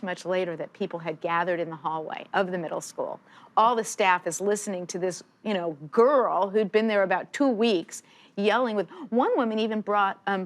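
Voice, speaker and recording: A woman in her sixties, an interview guest telling stories emphatically in a strong, not dainty voice. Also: mid-range voice. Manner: emphatic, forceful, animated storyteller. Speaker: guest, football analyst. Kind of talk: conversational interview storytelling. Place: studio.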